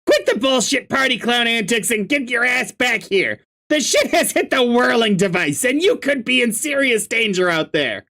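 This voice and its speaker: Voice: medium pitch, big pitch swings, moderate pace, few pauses, sharp tone, pitched above the performer's own voice. A reader voicing a panicky young male alien troll who swears shrilly and frantically. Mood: panicked.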